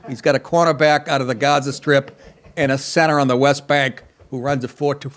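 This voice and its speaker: A man's voice: mid-range voice, fairly even intonation, a little fast, a bit bright. A man in his sixties hosting a comedy talk show, crude and sarcastic, often laughing at his own jokes. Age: 60s. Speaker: comedian podcast host.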